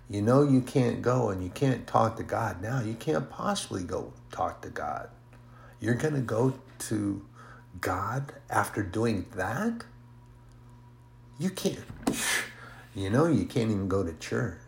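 A man voicing the devil's minions in a sing-song, falsely sweet voice that drops to a hush. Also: on the low side, gravelly, reverberant, a little hiss or hum, heavily acted. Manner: sing-songy, falsely sweet then hushed.

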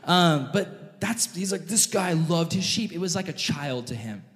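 Animated high-voiced man preaching. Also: a little slow. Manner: animated, jokey storytelling that addresses the audience directly. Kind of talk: sermon. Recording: long hall reverb.

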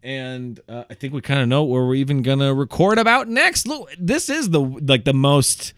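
Man, podcast co-host, lively pitch, dry close sound, rambling chat. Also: moderate pace, no echo. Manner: animated, rambling, laughs often. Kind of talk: casual chat.

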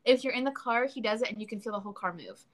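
A woman chatting on a casual podcast, pausing often and leaning on fillers as she thinks. Her voice sits fairly high. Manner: hesitant, full of fillers. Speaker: podcast co-guest. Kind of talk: casual chat.

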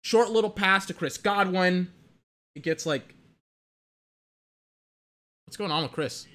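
A man giving live fan commentary on a game, excitable and exasperated, swearing and saying "like" often as he rants at the officials. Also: high voice, slow. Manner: excitable, exasperated, profane rant with filler "like".

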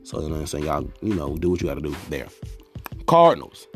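A man's voice: rumbling low, big pitch swings, fast talker, soft background music. A young man hosting a casual solo sports podcast, rambling and talking straight to teams as "y'all" with lots of restarts. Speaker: podcast host.

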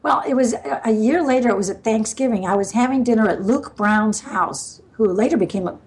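A woman's voice: fairly high pitch, fairly quick, darkish tone, poor audio. An older woman from the US Midwest, a podcast guest telling stories in a loose, rambling way, with frequent laughs and fillers. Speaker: guest sailor. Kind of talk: storytelling in a casual interview.

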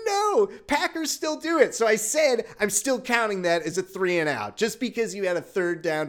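A man's voice: high voice, animated, unhurried. A man from Wisconsin hosting a casual sports podcast, ranting in an exasperated, profane way. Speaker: podcast host.

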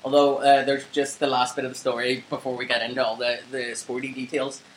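A young man co-hosts a podcast, spinning a long, rambling story in casual chat while swearing and laughing a lot. His medium-pitched voice stays fairly level and brisk. Recorded in a flat, the roomy home audio has faint ambience and slight background noise.

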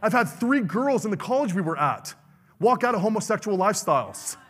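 Fervent high-voiced male preacher. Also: big pitch swings, a little fast, a bit bright, breathy edge, long reverb tail. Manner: fervent, calls for amens. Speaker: pastor. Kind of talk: sermon.

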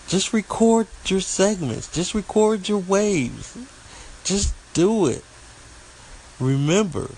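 Speaking with a Southern country accent, this podcast host from the southeast US has a voice on the high side and a little mellow. He runs his casual solo show in a folksy way, occasionally tripping over words, and the rough recording carries some hiss or hum.

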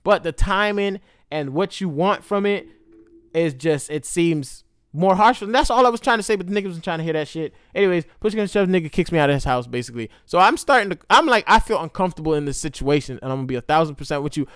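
A man's voice: a little high, animated, quick pace, fairly bright tone, clear, resonant tone, no echo, clean studio sound. A man telling a personal story in a candid, rambling, emotional monologue full of profanity.

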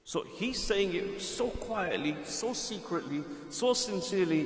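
A man's voice: sits high, expressive, a little slow, roomy sound, in a large hall, faint music behind. A man giving a sermon, earnest and explanatory, repeating phrases for emphasis. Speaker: Islamic preacher.

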